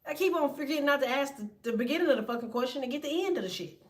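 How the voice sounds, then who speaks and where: A woman hosting a tarot livestream, telling stories in a profane, animated way and acting out other people. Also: high-pitched, very fast, recorded from a distance. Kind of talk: casual livestream rant.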